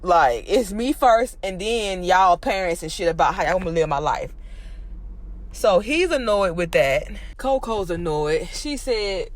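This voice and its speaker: A woman vlogger giving a casual ranting recap, blunt and opinionated with heavy profanity, her voice jumping up in pitch when she exclaims. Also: lively intonation, a little slow. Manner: swings up into high exclaiming pitch. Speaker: reality show recap vlogger.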